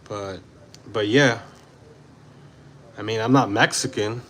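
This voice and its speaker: Slow, blunt man in his forties. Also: on the low side, a bit bright, slight background noise. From New York City. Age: 40s. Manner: blunt, unhurried, slips into Spanish phrases. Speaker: livestream host. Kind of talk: casual livestream commentary reading chat.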